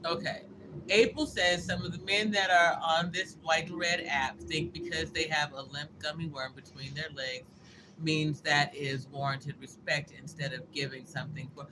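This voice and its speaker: A woman's voice: sits low, fairly even intonation, moderate pace, noisy background. A woman hosting a casual livestream, reading viewer comments aloud and answering them bluntly, with profanity and joking asides. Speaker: livestream host.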